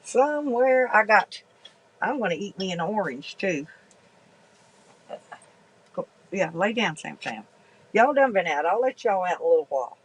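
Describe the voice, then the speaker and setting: A woman's voice: lowish voice, lively intonation, moderate pace, long pauses, husky, poor audio. A woman, talking casually and bluntly to viewers in a folksy, rambling way, with some cursing. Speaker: livestreaming vlogger.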